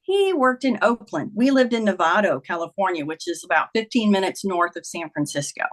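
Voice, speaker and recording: A woman's voice: mid-range voice, lively intonation, a little fast. A woman guest in an interview, telling a personal story in earnest and acting out the dialogue of the people in it. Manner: vivid retelling that acts out quoted dialogue. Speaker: guest, author.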